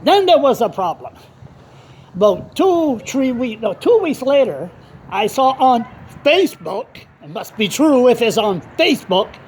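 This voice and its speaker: A man talking straight to camera in a rambling, unscripted way, blunt and quick to swear. He drifts between his story and chatting to his dog. There is a faint hum of passing vehicles in the background. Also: very high-pitched, sing-song. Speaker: blogger. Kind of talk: rambling casual monologue.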